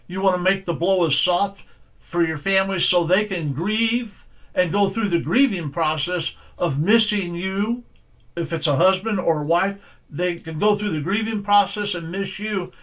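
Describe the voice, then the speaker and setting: A man, a pastor, speaks straight to the camera in a fairly high, bright, edged voice. His talk is earnest and folksy, circling back to hammer the same points home. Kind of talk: direct-to-camera sermon-style advice.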